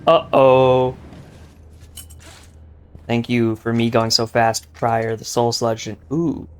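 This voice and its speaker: A man's voice: medium pitch, monotone, measured pace, darkish tone, smooth. A young man giving casual, joking gameplay commentary, boastful and rambling with lots of filler words. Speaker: gaming YouTuber.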